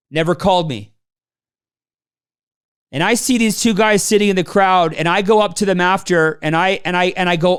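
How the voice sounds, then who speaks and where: A man's voice: sits high, moderate pace, long pauses, a bit bright, clear, resonant tone. A man giving a motivational business talk to a live audience, telling personal stories and acting out the people in them. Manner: storytelling, acts out quoted people. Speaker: business trainer.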